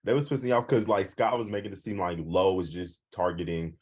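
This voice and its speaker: Husky, blunt man on a video call. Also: sits low, steady tone, fairly quick, a little mellow. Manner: blunt and profane, retells quotes in the cast's voices. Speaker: co-host. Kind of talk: casual reality TV review chat.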